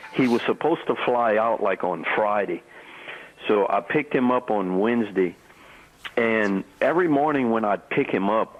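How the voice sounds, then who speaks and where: An older man, a former ballplayer, telling stories in an interview, halting and repeating words as he goes. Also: fairly low pitch, narrow, tinny audio. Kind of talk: storytelling interview.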